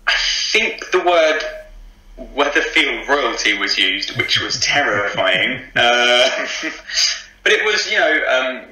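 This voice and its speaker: A man's voice: medium pitch, big pitch swings, takes it slowly, sharp tone, echoey room, low-quality recording. A man with a posh English accent, chatting about his acting work in an interview, with many ums and frequent laughs. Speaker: actor interviewed as guest. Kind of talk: casual interview chat.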